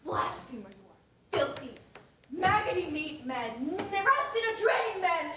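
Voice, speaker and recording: A furious young woman, played by a woman on stage, spits scornful curses in a very high voice. She sounds distant in an echoey hall over steady hiss. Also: a little slow. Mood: cursing. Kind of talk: school stage play performance.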